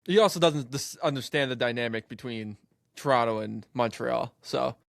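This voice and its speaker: A man's voice: mid-range voice, moderate pace, creaky, no echo, studio quality. A man co-hosting a casual sports podcast, laid-back and laughing, often repeating himself. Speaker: podcast co-host.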